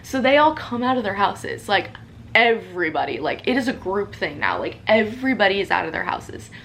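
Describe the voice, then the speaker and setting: A woman's voice: mid-range voice, very animated, brisk, creaky, a bit bright, a little hiss or hum. A young woman telling a story from her home in a casual vlog, chatty and full of "like" and "you know". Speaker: social media creator.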